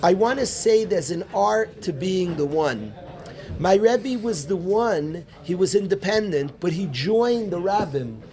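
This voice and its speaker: A man, a rabbi teaching a Talmud class, animated, calling on students by name and repeating his questions. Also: sits high, measured pace. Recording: room noisy with student chatter.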